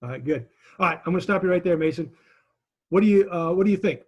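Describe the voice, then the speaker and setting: A man leads a class over a video call, giving direct, encouraging feedback. His voice sits a little high and he restarts phrases often as he talks. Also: fast talker, darkish tone, dull audio. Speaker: instructor.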